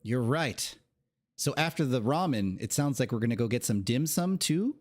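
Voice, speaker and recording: A man's voice: mid-range voice, lively intonation, normal speed. Wisecracking male gaming streamer. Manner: sarcastic, joking asides. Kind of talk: casual gameplay commentary.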